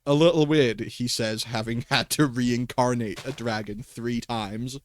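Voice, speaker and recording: A man's voice: mid-range voice, steady tone, unhurried, a little hiss or hum. A man livestreaming a game in casual commentary, chatty and talking to himself and his pets, swearing and laughing often at a desk microphone.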